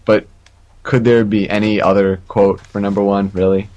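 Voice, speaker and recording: A man's voice: fairly low pitch, level tone, moderate pace, darkish tone, muffled recording. A man co-hosting a podcast, chatting in an easygoing way with dry asides. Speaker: podcast co-host. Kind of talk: casual gaming chat.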